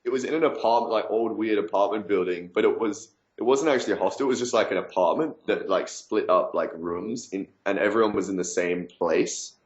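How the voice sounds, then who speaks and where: A man's voice: lowish voice, fairly quick, few pauses, echoey room, dull audio. A man co-hosting a casual, profane chat with friends, talking loosely and laughing easily. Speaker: podcast co-host.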